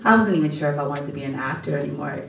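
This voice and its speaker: An actress on a post-screening panel tells an animated story, laughing and acting out the voices she quotes. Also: sits low, very fast, gravelly, a little hiss or hum. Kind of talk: storytelling at a live Q&A. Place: screening room before an audience. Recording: roomy hall, distant mic.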